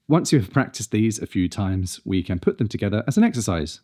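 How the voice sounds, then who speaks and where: A man's voice: lowish voice, expressive, fast talker, few pauses, warm tone. A man teaching a pronunciation lesson, carefully demonstrating consonant sounds one at a time. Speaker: speech coach.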